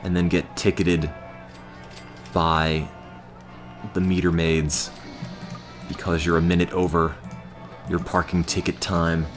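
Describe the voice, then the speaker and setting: A young man chatting casually on a live stream, talking deadpan and monotone with bursts of exasperated ranting. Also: low-pitched, slow pace, pauses often, over music.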